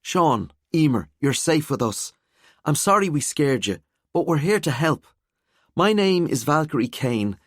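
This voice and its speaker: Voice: mid-range voice, big pitch swings, a little slow, no room sound, studio quality, voice pushed up. A male narrator voicing a young woman detective who speaks firmly and directly. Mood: calming. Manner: firm, urgent when shouting.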